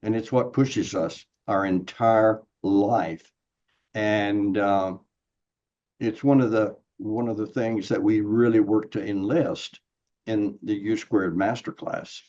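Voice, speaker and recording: An older man, a guest consultant, explaining ideas in a measured, thoughtful way. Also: lowish voice, fairly even intonation, darkish tone, highs cut off. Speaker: guest expert, management consultant.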